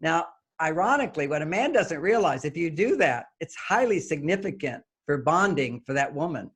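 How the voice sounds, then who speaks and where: An older man appears as a guest author in an interview, explaining his ideas and animatedly acting out little dialogues along the way. His voice is fairly high with a breathy edge, and he speaks at normal speed.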